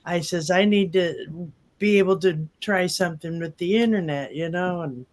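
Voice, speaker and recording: Older man, high voice, folksy rambling testimony. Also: normal speed. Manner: rambling, folksy, with many fillers. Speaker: testimonial speaker. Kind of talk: casual personal testimony.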